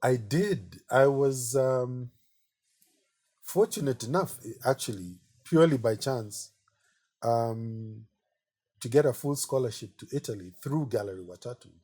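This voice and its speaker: A middle-aged man, an artist being interviewed, telling relaxed anecdotes in a chatty way and often saying "you know". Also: medium pitch, a little slow. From Kenya.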